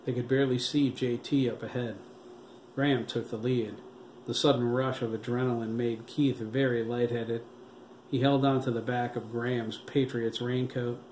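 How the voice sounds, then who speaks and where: A man, the author, narrating his horror audiobook in a measured, steady reading. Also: mid-range voice, reverberant, a little hiss or hum, low-quality recording.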